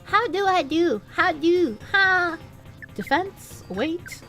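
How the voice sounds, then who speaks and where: A woman's voice: very high-pitched, slow, faint music behind. A young woman streaming a game, chatting casually and swearing as she jokes with her chat. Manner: animated, swearing, joking with chat, frequent laughs.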